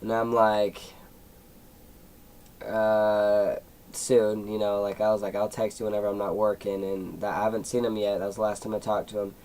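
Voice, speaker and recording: A man's voice: on the low side, little pitch movement, moderate pace, a little mellow, low-quality recording. Emotional teenage guy rambling. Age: teens. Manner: rambling, many "like" fillers, emotional, tearing up at times. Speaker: YouTuber. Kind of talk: personal vlog storytelling.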